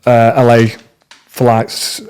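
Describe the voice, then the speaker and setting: A young British man, a podcast guest, telling stories in a casual, slangy, animated way. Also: medium pitch, unhurried, clean tone. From Britain. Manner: animated, slangy, acts out dialogue in lively bursts. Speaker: podcast guest, tattoo artist. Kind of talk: casual storytelling.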